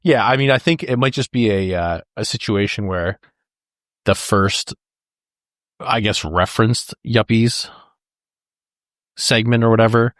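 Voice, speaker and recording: Male podcast co-host, slightly low pitch, easygoing and chatty, dry close mic. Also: a little slow, long pauses, fairly bright tone, dry recording. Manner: laid-back, conversational, addresses listeners as folks. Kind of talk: casual movie-discussion chat.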